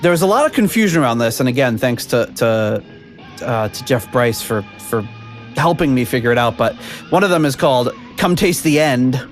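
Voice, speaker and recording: A man's voice: medium pitch, animated, moderate pace, faint music behind. A man hosting a podcast in casual chat over a video call, rambling with lots of fillers and frequent laughs. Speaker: podcast host.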